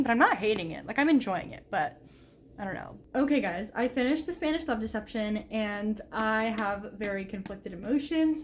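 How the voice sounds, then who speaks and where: Chatty young woman rambling about books. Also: a little high. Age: young adult. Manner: gushing, rambling, lots of "like". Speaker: book vlogger. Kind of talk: casual reading vlog chat. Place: home room, bad sound.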